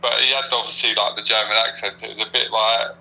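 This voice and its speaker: A man's voice: on the low side, little pitch movement, fast talker, pushed and bright, lo-fi sound. A man, a guest on a talk show, telling a funny story in a chatty, slangy way. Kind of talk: casual anecdotal chat.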